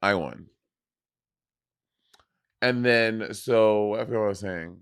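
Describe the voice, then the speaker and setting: A man from Saint Lucia chats casually as a podcast co-host, his lowish voice wandering through thoughts, restarting sentences and trailing off. The sound is close and dry, with no room around it. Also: slow pace, clear, resonant tone, no echo. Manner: rambling, many restarts and trailing off. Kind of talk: casual chat.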